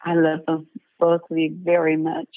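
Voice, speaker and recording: A woman's voice: low voice, completely flat delivery, moderate pace. An older woman, a folk dance director, talking proudly and at length as a guest on a radio show. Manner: warm, proud, rambling storyteller. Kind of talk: casual radio interview. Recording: tinny phone line, dry.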